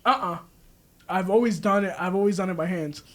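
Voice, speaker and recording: Animated high-voiced man in his twenties. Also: brisk. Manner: animated, talks with lots of "like". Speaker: student or staff member. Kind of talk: casual group chat.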